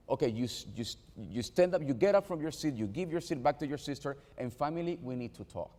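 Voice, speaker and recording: A man recounts a family memory at a press launch. His voice is mellow and relaxed, and he trips over his words and restarts again and again. A long reverb trails every phrase. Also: medium pitch. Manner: halting, many repeated restarts. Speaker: panel speaker. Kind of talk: personal anecdote on a panel. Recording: reverberant hall.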